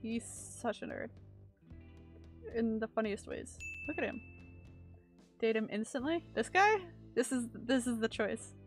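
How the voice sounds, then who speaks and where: A woman's voice: fairly high pitch, unhurried, pauses often, darkish tone, soft background music. A woman from Canada streaming a game, reading its text aloud and adding wry, joking asides. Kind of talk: casual let's-play commentary, reading game text aloud.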